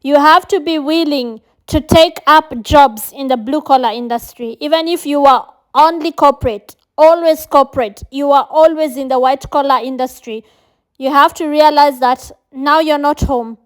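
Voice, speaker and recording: A woman's voice: sits high, normal speed, poor audio. A woman from Kenya, giving earnest, direct advice to her viewers in a casual vlog. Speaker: vlogger.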